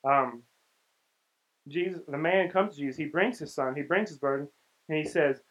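A man's voice: on the high side, moderate pace, a bit bright, dull audio. A young man giving a casual, conversational sermon and acting out the lines of the people in the story. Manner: conversational, acts out the characters' lines. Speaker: preacher.

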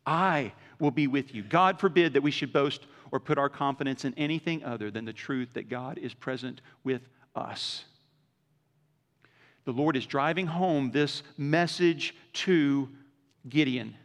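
A man preaching a sermon in a conversational way, swinging from loud emphasis to hushed lows and acting out quoted speech. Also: measured pace, big-room sound. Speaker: pastor.

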